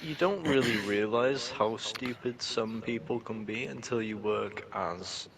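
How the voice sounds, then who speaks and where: Low-voiced young man telling stories. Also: a little slow, creaky, crowd noise. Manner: rambling storyteller, hedging with ums. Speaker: podcast co-host. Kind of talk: casual chat.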